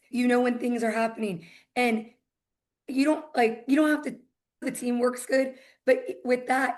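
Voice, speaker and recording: A woman with a Southern US accent, a title company executive chatting as a podcast guest and telling stories by acting out both sides of past conversations. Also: on the high side. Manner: chatty storyteller, acts out quoted exchanges. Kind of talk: casual podcast chat.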